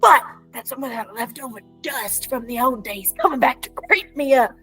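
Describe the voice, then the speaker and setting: A woman with a somewhat high voice delivers a comedic promotional monologue in a playful cowboy persona. Her talk is folksy and drawling, heavy on slang. Soft music plays faintly behind her. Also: lively intonation, normal speed, breathy edge, rough recording. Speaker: clinic business promoter.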